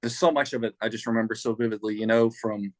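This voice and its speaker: A man from Louisiana with a Southern accent, an Army veteran guest telling lively stories in a casual interview. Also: on the low side, quick pace, no room sound. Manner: animated, laughing storyteller. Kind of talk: casual storytelling.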